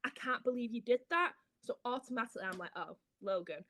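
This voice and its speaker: A woman's voice: a little high, fast talker. Chatty woman telling stories. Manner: animated storytelling, acting out her own dialogue, swears casually. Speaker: author guest. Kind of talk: casual chat.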